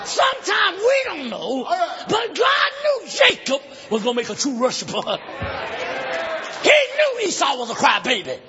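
A man preaching a sermon, shouting and chanting, acting out Bible characters in different voices. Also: very high voice, wildly swooping pitch, measured pace, a crowd in the background. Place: church. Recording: live church hall, dull lo-fi sound, congregation heard. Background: congregation responding.

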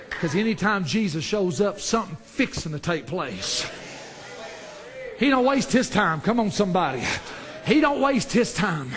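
A man preaching a sermon, building to fervent shouts and dropping back down low. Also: expressive, normal speed. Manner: rises to fervent shouts, then drops low.

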